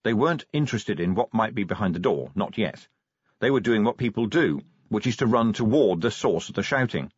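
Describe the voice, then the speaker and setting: A man narrating an audiobook in an animated, wry storytelling manner. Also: on the low side, brisk, breathy edge, dry recording, muffled recording. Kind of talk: scripted narration.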